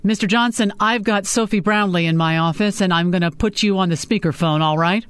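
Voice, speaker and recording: A woman reading the part of a gruff, dismissive male law-firm boss in an audiobook. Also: medium pitch, a little fast, no room sound, pitched above the performer's own voice, close to an everyday voice. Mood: brisk. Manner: curt and impatient.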